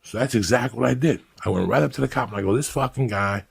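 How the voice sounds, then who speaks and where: Speaking very fast in a gravelly, slightly rough mid-range voice, the middle-aged podcaster rattles off blunt, profane stories in casual conversation. He animatedly acts out his own lines, captured on a dry recording.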